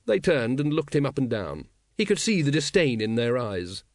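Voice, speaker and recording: A man narrating a comic fantasy audiobook in a wry, measured way. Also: medium pitch, very animated, no room sound, studio quality. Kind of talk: scripted narration.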